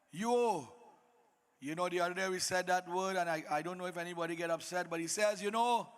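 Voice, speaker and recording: High-voiced storyteller. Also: male voice, a bit bright, clean tone. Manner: dramatic, addresses devotees, folksy asides. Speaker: Ramleela narrator. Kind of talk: devotional storytelling to an audience.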